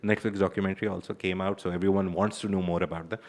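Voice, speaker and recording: A man with a fairly low voice co-hosts a relaxed sports talk show. He speaks in a loose, conversational way, full of fillers and small laughs. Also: racing. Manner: chatty, lots of fillers and laughs. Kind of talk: casual sports chat.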